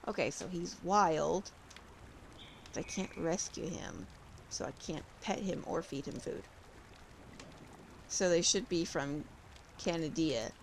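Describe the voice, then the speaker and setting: With game music playing behind her and slight background noise, a woman from California streams a game and chats casually with viewers. She speaks slowly in a fairly low voice with vocal fry and long pauses, thinking aloud and answering comments.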